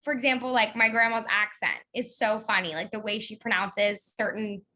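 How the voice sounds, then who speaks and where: A woman's voice: medium pitch, steady tone, moderate pace, sharp tone. A young woman talking as an interview guest in a chatty way, filling her speech with "like". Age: young adult. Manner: chatty, lots of "like". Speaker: guest, author's daughter. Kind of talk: casual interview.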